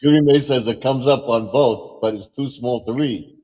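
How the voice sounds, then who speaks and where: A man in casual live stream chat tells easygoing, rambling anecdotes and murmurs agreement in between. His voice has a mid pitch, and it rings with a long reverb, as if he is in a big, echoing space. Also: normal speed, warm tone, slight background noise.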